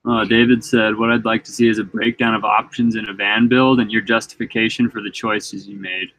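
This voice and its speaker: A man's voice: lowish voice, level tone, brisk, a bit bright, poor audio. A young man from Utah hosting a casual live stream, rambling as he reads viewer comments aloud. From Utah, USA. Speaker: vlog host reading live chat.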